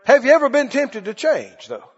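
This sermon comes from a man whose very high, husky voice swings hugely in pitch at a moderate pace. Emphatic and repetitive, he calls on the congregation to answer back, and the dull lo-fi recording has long hall reverb.

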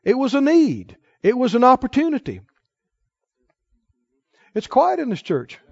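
High-voiced folksy male preacher. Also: huge pitch swings, a little slow, creaky, darkish tone, no echo, dull audio. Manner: folksy, emphatic, quotes God in a sterner lower voice. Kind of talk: sermon with storytelling.

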